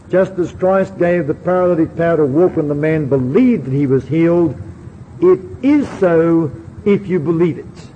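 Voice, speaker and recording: A man preaching a sermon, earnestly putting questions straight to his listeners. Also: on the high side. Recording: dull lo-fi recording with faint hiss.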